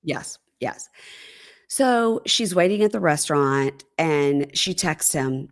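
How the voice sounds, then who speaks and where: A woman co-hosting a podcast who tells a reality-show episode as an animated story in casual chat. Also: low voice, takes it slowly. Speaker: podcast co-host.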